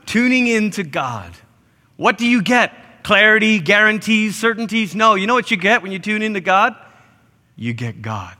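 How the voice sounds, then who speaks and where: A pastor delivers a sermon at a moderate pace in a high, bright voice, animated and acting out quoted voices with sudden jumps in pitch. The live church hall recording carries a long echo from the large space.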